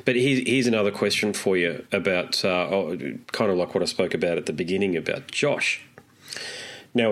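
Deep-voiced male interviewer, chatty. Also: a bit bright. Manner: friendly, chatty, loses his thread and backtracks. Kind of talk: casual interview questions.

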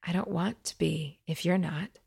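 Audiobook: defiant young warrior woman, low and gravelly, read by a woman narrator. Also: fairly even intonation, normal speed, darkish tone, full character voice. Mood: bitter. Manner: fierce, defiant. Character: young woman rebel fighter, fierce and stubborn.

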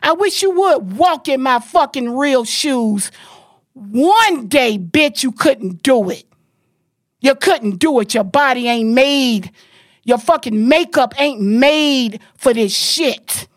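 A middle-aged woman from Florida hosts a podcast and rants in a furious, profane torrent. Her voice sits a bit high for a woman and sounds close and dry, with no room around it. She hammers every point home. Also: lively intonation, slow, no room sound. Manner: angry, profane, emphatic ranting. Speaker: podcast host. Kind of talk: heated podcast rant.

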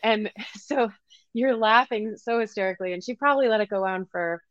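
A woman manual therapist speaking as a podcast guest in gentle, reflective conversation, laughing easily. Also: medium pitch, fairly quick, dry recording. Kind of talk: casual conversation. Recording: slightly muffled dry sound.

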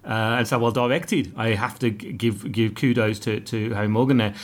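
A man's voice: fairly low pitch, brisk. A man hosting a podcast episode review, chatting casually with lots of restarts, asides and jokes. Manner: rambling, full of restarts and asides, jokey. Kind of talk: casual chat.

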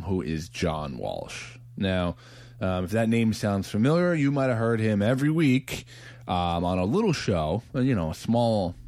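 A man's voice: sits low, darkish tone, dry recording. A man hosting a podcast, chatting casually, laughing often and rambling with restarts. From United States. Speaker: podcast host. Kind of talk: casual chat.

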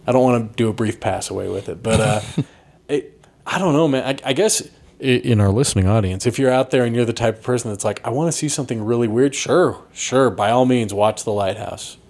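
Rambling male podcast host. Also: brisk. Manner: rambling, restarts often, animated pitch swings. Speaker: podcast co-host reviewing movies. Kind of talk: casual chat.

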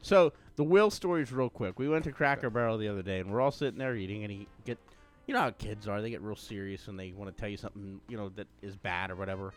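A man's voice: on the low side, fast, faint music behind. A man, co-hosting a podcast and telling loose, profane stories in casual chat. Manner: rambling storyteller, loose and profane. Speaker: podcast co-host.

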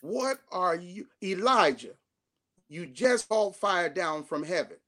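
High-voiced preacher man in call-and-response. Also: expressive, measured pace. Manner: call-and-response preaching, rising to shouts then dropping to hushed tones. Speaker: bishop, preacher. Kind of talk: sermon.

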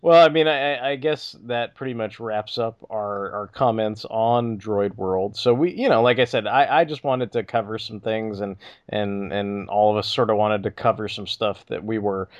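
Low-voiced man hosting, halting. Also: muffled recording. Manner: halting, many restarts and fillers. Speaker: podcast host. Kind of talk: casual chat.

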